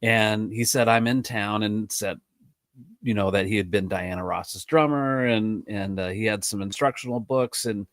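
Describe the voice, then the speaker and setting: A man hosting a podcast, chatting in a relaxed, joking way and giving frequent short agreements. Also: on the low side, normal speed, no echo, clean studio sound. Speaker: podcast host and drum teacher. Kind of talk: casual chat.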